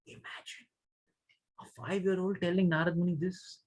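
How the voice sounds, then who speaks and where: A man's voice: a little high, expressive, moderate pace, slightly rough, rough recording. A man telling a story to children in a conversational way, often asking them questions.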